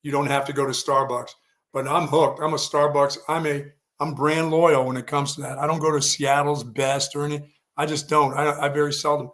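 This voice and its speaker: Guy co-hosting sports radio, a bit high voice, rambly and folksy, keeps repeating himself. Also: little pitch movement, a little fast, fairly bright tone. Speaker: sports talk co-host. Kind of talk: casual sports radio chat.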